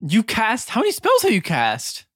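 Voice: medium pitch, wildly swooping pitch, moderate pace, a bit bright, breathy edge, no echo, studio quality. A game master running a tabletop game, playful and teasing, laughing often.

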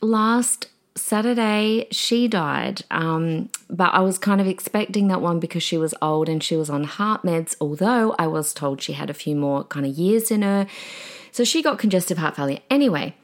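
A woman's voice: on the low side, lively intonation, normal speed. A woman hosting a podcast on her own, chatting in a gushing way with lots of fillers and asides. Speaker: podcast host and preacher. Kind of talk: casual solo podcast chat.

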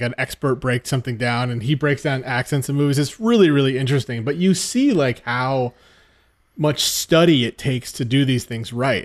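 A man co-hosting a podcast, talking casually about movies in a rambling, hesitant way with plenty of fillers. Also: medium pitch. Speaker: podcast co-host. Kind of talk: casual film discussion.

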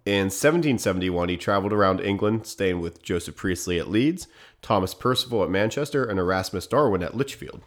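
A man's voice: deep voice, animated, fairly quick. A man co-hosting a casual history podcast, reading out facts and then joking around. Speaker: podcast co-host.

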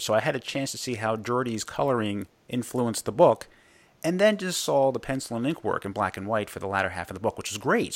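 A man's voice: medium pitch, dry recording. A man interviewing a writer in an easygoing, casual chat.

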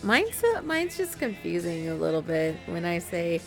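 A woman's voice: fairly low pitch, big pitch swings, moderate pace, creaky, darkish tone, soft background music. A young woman joining a casual podcast chat, laid-back and wry.

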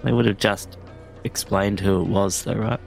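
A man's voice: fairly low pitch, steady tone, normal speed, gravelly, faint music behind. A man playing a tabletop game, asking practical questions in a matter-of-fact way. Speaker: player. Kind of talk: tabletop role-play chat.

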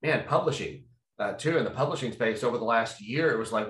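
A man's voice: medium pitch, fairly quick, a bit bright. Man host, casual panel chat, rambling with fillers, echoey room. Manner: rambling, conversational, many fillers. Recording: roomy echo.

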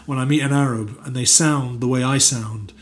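A man's voice: medium pitch, steady tone, normal speed. Chatty actor man with lots of fillers. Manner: chatty, many fillers and restarts. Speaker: actor guest. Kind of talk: casual interview chat.

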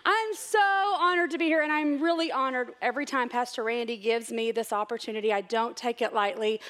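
High-voiced chatty woman. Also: fairly quick. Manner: chatty, excited, laughs often. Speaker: church speaker. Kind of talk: church talk with personal stories.

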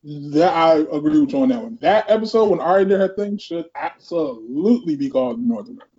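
A man co-hosts a podcast with slangy, joking banter. His voice sits a bit high and swings lively, with a mellow tone. The audio is dull and lo-fi. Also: quick pace. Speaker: podcast co-host. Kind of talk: casual banter.

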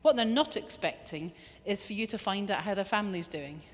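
A woman preaching a lively sermon, now and then acting out little quoted voices. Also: medium pitch, brisk. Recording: long hall reverb.

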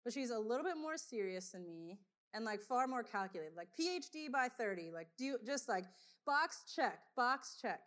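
High-voiced woman preaching a casual sermon. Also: moderate pace. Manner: animated storytelling, laughs often, conversational with fillers.

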